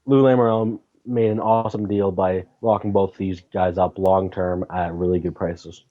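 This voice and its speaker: A man co-hosting a podcast, chatting about hockey in a casual way, thinking aloud and getting animated. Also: deep voice, moderate pace. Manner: thinks aloud with fillers and restarts, then gets animated. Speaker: podcast co-host. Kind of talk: casual sports chat. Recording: dull lo-fi audio.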